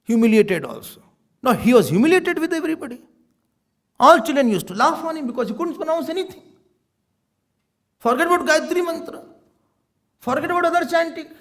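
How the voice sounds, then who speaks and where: A man, a swami, telling a sacred story in an animated sermon and acting out the voices of its people. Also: extremely high pitch. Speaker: swami giving a spiritual discourse.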